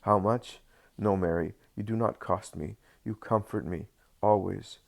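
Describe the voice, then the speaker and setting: A man's voice: fairly low pitch, unhurried, gravelly. A man reading the part of a devoted husband who firmly comforts his wife in a spoken storybook. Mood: reassuring. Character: devoted husband, steady and reassuring.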